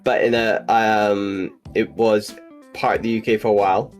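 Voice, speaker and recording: A man's voice: on the low side, steady tone, moderate pace, faint music behind. A man with a mixed Scottish and English accent, chatting casually as a co-host in a rambling, self-mocking way. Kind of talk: casual chat.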